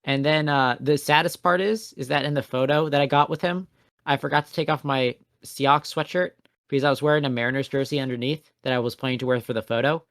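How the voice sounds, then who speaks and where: A man's voice: medium pitch, steady tone, quick pace, a bit bright, no echo, studio quality. A young man co-hosting a casual podcast, telling a rambling, self-mocking story with a passive-aggressive edge. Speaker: podcast co-host.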